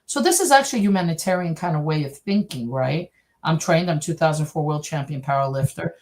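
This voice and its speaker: A woman's voice: deep voice, a little fast. A middle-aged woman from New York telling her story in an interview, animating it with the voices of the people in it. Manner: animated, acts out others' voices in her stories. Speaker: interview guest.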